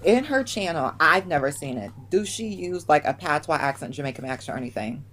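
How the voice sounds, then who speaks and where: Woman, low lively voice, skeptical questioner in a casual stream chat. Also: brisk, a little hiss or hum. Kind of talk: casual live-stream discussion.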